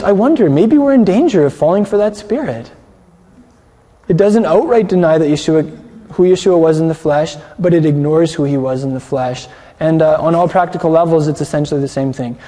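Man, earnest sermon teacher, fairly high voice, mellow tone, long hall reverb. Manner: earnest, asks the room questions. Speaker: congregation teacher. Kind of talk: sermon to a congregation.

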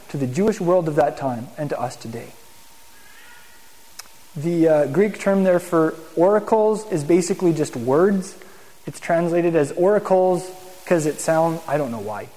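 High-voiced man preaching in a reverberant room. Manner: casual and animated, asks the room questions. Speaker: teacher in a Messianic congregation. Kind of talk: conversational sermon.

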